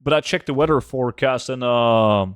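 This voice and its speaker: A man's voice: medium pitch, normal speed, clear, resonant tone, no room sound, studio quality. Laid-back man streaming. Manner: relaxed, answers chat with many fillers. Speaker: game streamer. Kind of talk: casual live-stream chat.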